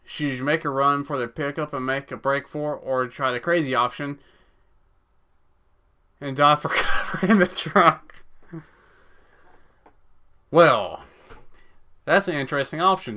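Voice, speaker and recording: A man's voice: fairly high pitch, unhurried, long pauses, sharp tone. A man playing a text game, reading it aloud casually, swearing and stumbling over words. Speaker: let's play gamer.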